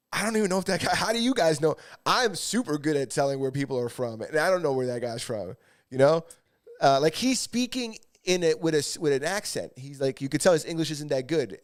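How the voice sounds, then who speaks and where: A man co-hosting a podcast, telling a long rambling story in casual chat and swearing freely. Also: fairly high pitch. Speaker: podcast co-host.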